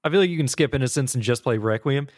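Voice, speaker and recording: A man's voice: medium pitch, fast. A man chatting casually about video games, telling rambling stories and acting out little scenes as he goes. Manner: animated, rambling storyteller who acts out scenes.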